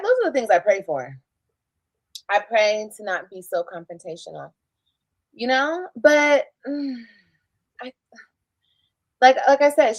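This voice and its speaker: A woman's voice: fairly high pitch, no echo, low-quality recording. A woman streamer who talks defensively and emphatically, repeating her points as she answers critics. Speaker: live streamer. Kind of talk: casual live-stream talk.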